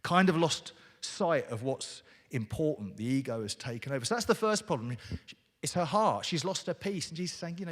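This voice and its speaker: A man's voice: a little high, lively intonation, fast. A man preaching a sermon, talking conversationally and animatedly and addressing the congregation directly. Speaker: pastor. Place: church hall. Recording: reverberant church hall.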